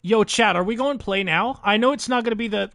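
High, bright-voiced male streamer swearing freely. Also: brisk, creaky, dry recording, clean studio sound. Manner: swears freely and bursts into loud exasperated outcries. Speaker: live streamer. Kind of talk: live-stream commentary on a hockey video game simulation.

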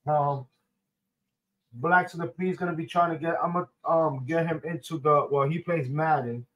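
Young New York man, slightly higher voice, casual streamer chatter full of slang and filler. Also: fairly even intonation, moderate pace, a bit bright, muffled recording. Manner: slangy, loose, many ums and restarts. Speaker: streamer host. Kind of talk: casual chat.

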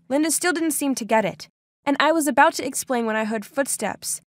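A young woman narrating a dramatic first-person story with an expressive, animated delivery. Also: on the high side, normal speed, no echo, clean studio sound.

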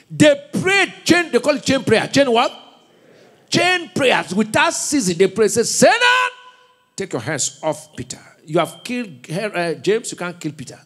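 A man with a Nigerian accent preaching a sermon in a church, with call-and-response questions, shouted bursts and laughing asides. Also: high-pitched, slightly rough. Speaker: pastor.

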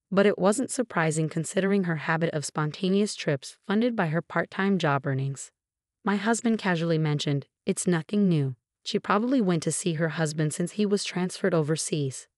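A woman narrating a first-person story in an even, matter-of-fact way. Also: low-pitched, no room sound, clean studio sound.

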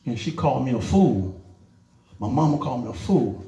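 A man's voice: normal speed, gravelly. Emphatic preacher man, echoey church. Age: middle-aged. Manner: animated, emphatic, lively swings between loud urging and low asides. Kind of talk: sermon. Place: church hall.

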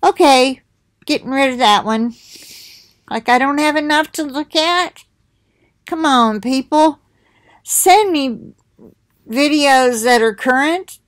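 A middle-aged woman talks slowly and unhurriedly to her viewers, wandering through asides as she reads out titles. Her voice sits at an ordinary pitch, recorded dry and close with little room sound. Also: lively intonation, no echo. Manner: slow, rambling, reads titles aloud with asides. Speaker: video host sharing links. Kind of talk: casual monologue to viewers.

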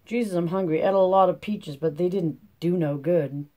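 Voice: mid-range voice, normal speed, dark tone, lightly acted. A reader voicing a plainspoken young farmhand with a folksy rural drawl. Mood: eager. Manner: laconic.

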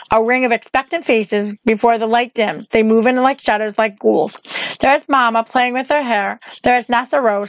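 A woman reads a novel aloud in a measured, steady way. Her voice sits a little high. The recording is close and dry, with no room sound. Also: no echo, low-quality recording. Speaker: reader.

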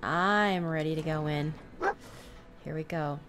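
A young woman talks through a video game in a casual, excitable way, tripping over her words when she gets flustered. Her voice sits slightly low. A faint hiss runs under the recording. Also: takes it slowly. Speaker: gameplay host. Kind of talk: casual let's-play commentary.

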